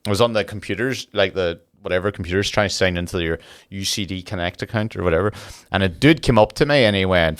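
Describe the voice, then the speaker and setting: A man's voice: low-pitched, smooth. A man from Ireland co-hosting a podcast, chatting casually and animatedly, swearing freely and laughing often. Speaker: podcast co-host. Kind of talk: casual chat.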